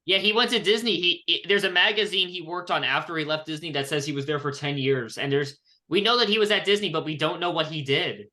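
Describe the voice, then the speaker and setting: Bright-voiced eager male animation buff. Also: quick pace, few pauses. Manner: eager, stumbling restarts, rises in pitch when excited. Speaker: podcast guest, animation historian. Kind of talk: casual chat.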